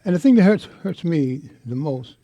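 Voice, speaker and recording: An older man telling a heartfelt story in an interview, speaking with impassioned, halting repetition. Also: on the high side, lively intonation, warm tone, no room sound, muffled recording. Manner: impassioned, halting, repeats words. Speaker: interviewee, veteran.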